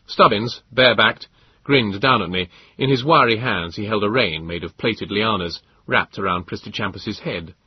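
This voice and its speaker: A man narrating a story in the first person, with expressive, measured storytelling. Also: on the low side, slightly rough, muffled recording. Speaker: audiobook narrator.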